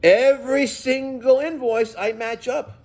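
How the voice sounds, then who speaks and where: A man's voice: very high voice, steady tone, measured pace, a little mellow. A middle-aged man, a plumbing contractor telling stories and giving advice in a casual, emphatic, profane vlog rant.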